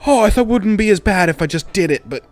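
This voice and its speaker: A woman's voice: medium pitch, lively intonation, quick pace, darkish tone, dry recording, faint music behind, voice pushed up, lightly acted. A man voicing a young woman who shrieks and gasps in pain, flustered by her own wound. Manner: shrieking, gasping.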